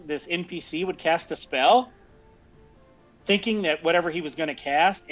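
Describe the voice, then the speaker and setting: Rambling man in his fifties, lo-fi audio. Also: fairly high pitch. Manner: rambling storyteller, many fillers and restarts. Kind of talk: casual chat. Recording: dull lo-fi audio with faint music.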